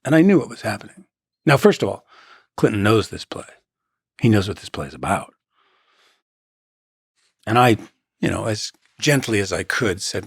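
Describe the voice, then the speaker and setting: A man in his sixties, a guest on a podcast, talking in a measured, halting way with quoted asides and dramatic pauses. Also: on the low side, expressive, vocal fry, breathy edge, no echo, clean studio sound. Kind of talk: reflective interview storytelling.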